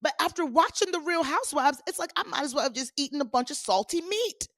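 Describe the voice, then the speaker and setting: A woman hosting a solo commentary podcast, talking in a sassy, animated way with playful asides to her listeners. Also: high-pitched, fast talker, no room sound, clean studio sound. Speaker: podcast host.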